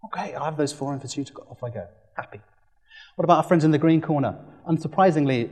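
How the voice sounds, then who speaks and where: A man giving a lively training presentation, playful and animated, acting out quick quoted voices. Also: fairly high pitch, breathy edge. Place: presentation room.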